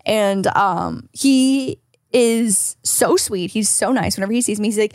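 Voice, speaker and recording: A woman's voice: medium pitch, measured pace, a little mellow, no room sound, clean studio sound. A woman co-hosting a podcast, chatting casually with lots of "like" and free swearing. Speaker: podcast co-host.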